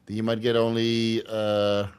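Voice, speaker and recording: A man hosting a casual livestream Q&A, rambling and crude, laughing often and filling pauses with ums and uhs. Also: lowish voice, completely flat delivery, clean tone. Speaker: channel host answering live chat questions.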